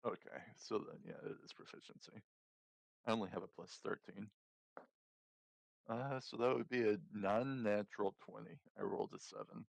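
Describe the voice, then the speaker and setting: A man's voice: on the low side, normal speed, creaky, no room sound, low-quality recording. A man playing a tabletop game who talks carefully and checks the rules aloud. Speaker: player. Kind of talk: casual tabletop play.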